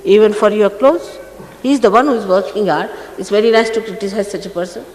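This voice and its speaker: A woman's voice: medium pitch, fairly quick, a little mellow. A woman spiritual teacher giving a stern, scolding talk to her followers, recorded in a large hall. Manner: stern and admonishing, emphatic. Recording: echoey archive recording from a hall, faint noise.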